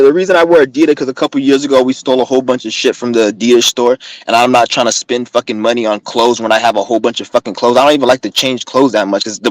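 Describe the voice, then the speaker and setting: A young man vlogging straight into his phone, his talk heated, rambling and thick with profanity. His voice sits at a middling pitch for a man, and the recording is close and dry, with no room sound around it. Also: no echo, poor audio. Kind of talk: casual rant to camera.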